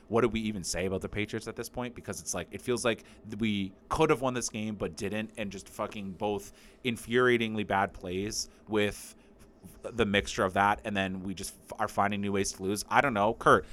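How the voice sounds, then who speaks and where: A man's voice: fairly low pitch, fairly bright tone. Ranting, heavily swearing podcast man. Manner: angry, heavily profane ranting. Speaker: podcast co-host. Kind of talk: casual sports podcast rant.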